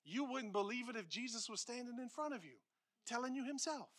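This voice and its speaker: A man preaching as a pastor, emphatic and repetitive, swinging between loud declarations and hushed lines. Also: extremely high pitch, lively intonation, fairly quick. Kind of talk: sermon.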